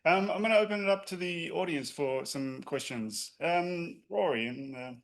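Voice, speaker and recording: A man's voice: fairly high pitch, normal speed. A man moderating a panel discussion, hesitant and filling gaps with ums. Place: conference hall.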